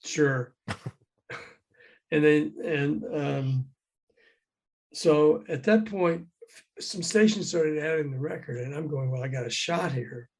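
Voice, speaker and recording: Older man telling lively stories. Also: a little high, slow, gravelly, pauses often, breathy edge. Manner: lively, acts out quoted voices, chuckles often. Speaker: guest, former record promoter. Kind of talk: anecdotal storytelling in a conversation. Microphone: remote call.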